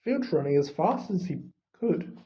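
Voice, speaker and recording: A reader narrating a storybook in an unhurried, expressive way. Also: mid-range voice. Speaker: audiobook reader. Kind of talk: storybook reading. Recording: dull lo-fi recording.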